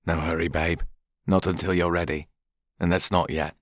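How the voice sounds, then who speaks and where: An actor playing a big, gentle man who soothes his partner with affection. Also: low voice, little pitch movement, normal speed, no echo, clean studio sound, lightly acted. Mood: soothing.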